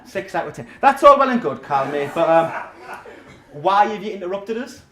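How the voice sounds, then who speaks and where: A man's voice: high-pitched, sing-song, moderate pace, pushed and bright. A man in his thirties doing a rambling, self-deprecating, sweary stand-up set as the comedian. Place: small coffee shop venue, indoors. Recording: echoey small room.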